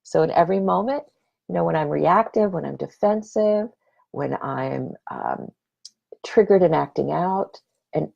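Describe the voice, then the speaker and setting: A woman's voice: lowish voice, creaky, darkish tone. A middle-aged woman hosting a reflective personal talk, earnest and emphatic, often repeating her key words for weight. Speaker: podcast host. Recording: dull lo-fi recording.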